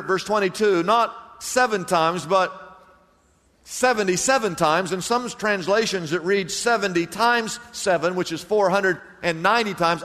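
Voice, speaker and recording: A man preaching a sermon as pastor, swinging between loud emphatic bursts and hushed, low passages. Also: in a large hall.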